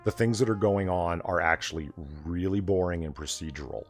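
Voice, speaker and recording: A man's voice: low-pitched, a little fast. A man hosting a late-night casual chat, talking in a sardonic, profane rant. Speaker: host.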